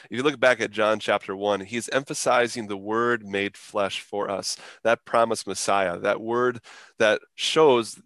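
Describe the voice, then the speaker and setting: A man's voice: lowish voice, a bit bright, no echo. A man, a pastor, explaining scripture on a podcast in a reflective, emphatic way.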